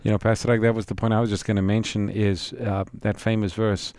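A man's voice: lowish voice, level tone, fairly quick, darkish tone, no room sound. A man co-hosting a call-in Bible show, quoting verses and affirming the pastor's answers. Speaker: radio co-host.

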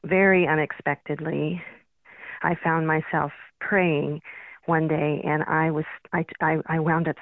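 A woman's voice: low voice, flat delivery, unhurried, dry recording. Hesitant woman caller on a phone line. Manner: thoughtful, hesitant, searching for words. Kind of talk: phone-in question. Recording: telephone line.

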